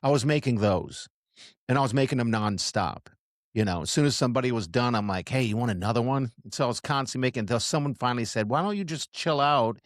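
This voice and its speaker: A man's voice: medium pitch, fast talker, no room sound, studio quality. Middle-aged man rambling in casual podcast chat. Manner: rambling, restarts and laughs often. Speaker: podcast co-host.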